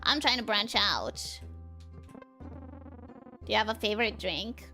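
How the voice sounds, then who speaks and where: A woman voicing a chatty, friendly young woman in a game, speaking in a lower, softer voice than her own. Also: animated, unhurried, soft background music. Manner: low, soft, quiet delivery.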